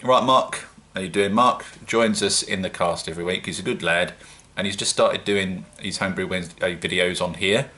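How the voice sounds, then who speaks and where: A man with a British accent talks to his viewers in a loose, rambling vlog. His voice sits low yet comes across bright and forward, and he pokes fun at himself as he chats. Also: normal speed, hardly any pauses. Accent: British English. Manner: chatty, rambling, self-mocking. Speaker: home-brewing vlogger. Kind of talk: casual solo vlog.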